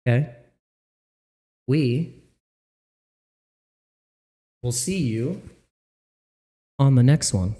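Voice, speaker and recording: Animated sarcastic man ranting. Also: medium pitch, very slow, long pauses. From Mississippi. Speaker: crypto vlogger. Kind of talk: casual ranting commentary.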